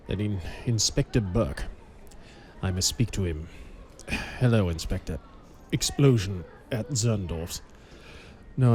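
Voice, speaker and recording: A wounded masked vigilante gasps out urgent, halting warnings in a weak, low voice, as a male narrator puts him on. The pulp audiobook reading keeps him hushed and faltering. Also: natural voice.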